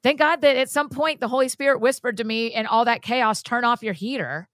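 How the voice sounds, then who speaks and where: A woman co-hosting a podcast, telling a story in an animated, heartfelt way and sharing her faith. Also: sits high, a little fast, dry recording, clean studio sound. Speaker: podcast co-host. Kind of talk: casual chat and storytelling.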